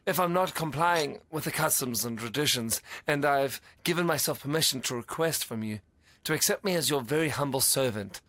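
An actor playing a smooth-talking male con man posing as a doctor, flattering and pleading in a dubbed drama. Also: mid-range voice, close to an everyday voice.

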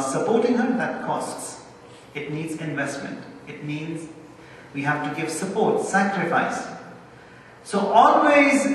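A man delivering a sermon, stressing key words slowly and with emphasis. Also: on the high side, slight background noise. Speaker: preacher. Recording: echoey hall, speaker far from mic.

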